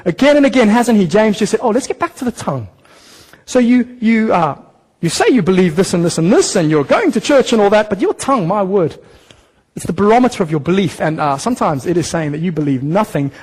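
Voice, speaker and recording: A man preaching a sermon as a church pastor, animated and direct, often breaking into quick acted voices. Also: high voice, big-room sound, rough recording. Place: church hall.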